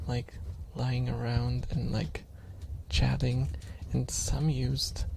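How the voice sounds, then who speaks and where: A young man streaming soft-spoken ASMR, rambling with chuckles and slipping into whispers, close to the microphone. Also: medium pitch, little pitch movement, takes it slowly, gravelly, slight background noise.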